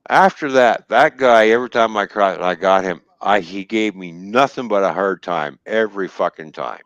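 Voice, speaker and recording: A man's voice: lowish voice, normal speed, dry recording. A man telling a trucking story in casual, profane talk, laughing and quoting people as he goes. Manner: profane, laughing, animated retelling with quoted dialogue. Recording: dull lo-fi dry stream audio.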